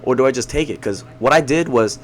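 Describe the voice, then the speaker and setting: A man's voice: mid-range voice, animated, quick pace, a little hiss or hum. A young man co-hosting a podcast, telling stories in a laid-back way with lots of slang and swearing. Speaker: podcast co-host. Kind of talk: casual chat.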